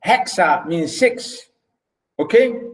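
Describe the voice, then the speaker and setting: A man giving a classroom poetry lecture, halting with many fillers and restarts, counting syllables and rhymes aloud. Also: high-pitched, expressive, low-quality recording. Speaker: literature lecturer. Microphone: recorded lecture.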